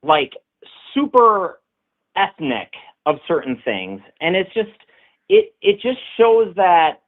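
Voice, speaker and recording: A man's voice: sits high, big pitch swings, takes it slowly. A man from Minnesota arguing dismissively in a heated debate. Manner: dismissive, argumentative. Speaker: debate opponent. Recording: tinny phone-like line.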